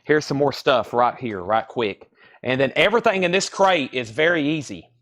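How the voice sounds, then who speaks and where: A man's voice: mid-range voice, expressive, moderate pace, fairly bright tone. A man hosting a live-streamed vinyl sale from a record store, chatting casually and rattling off titles and prices. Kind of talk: live-stream sales patter.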